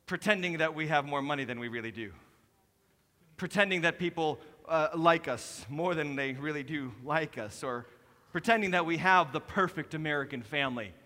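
Male pastor, animated sermon voice, high and bright, joking with sudden shouts, long church reverb. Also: moderate pace. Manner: animated, jokey preaching with sudden shouts and drops to soft tones. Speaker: lead pastor. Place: church sanctuary. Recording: preached in a hall with long reverb.

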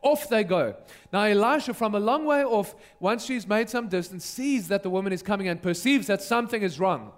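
A man's voice: sits high, fairly quick. A male pastor retelling a Bible story in a sermon, vividly narrating and acting out the characters.

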